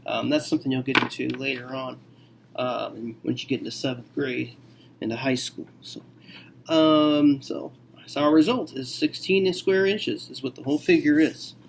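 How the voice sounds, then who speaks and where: A man teaching a math lesson, working through a problem slowly and thinking aloud with frequent okays. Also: medium pitch, fairly even intonation, gravelly, slight background noise.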